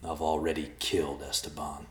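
A man voicing a cold, mocking villain. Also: rumbling low. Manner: calm, mocking, slow and deliberate. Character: cold, taunting male villain messenger. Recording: roomy echo.

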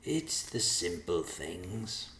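A man doing a frail, gentle old father. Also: sits low, extremely slow, roomy sound, slight background noise, full character voice. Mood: calm. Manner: calm, soothing.

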